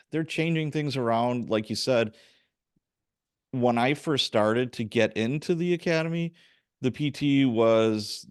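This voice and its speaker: A man who is a former police officer, hosting a podcast in a casual interview chat and telling stories in a lively way. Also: medium pitch, dry recording, studio quality. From Wisconsin, USA. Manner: lively storyteller who acts out quotes.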